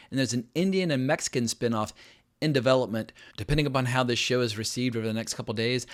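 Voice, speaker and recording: A middle-aged man hosting his own film review channel, giving a blunt, emphatic and sarcastic verdict on a new show. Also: mid-range voice. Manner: sarcastic asides. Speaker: film critic, channel host. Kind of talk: opinionated video review.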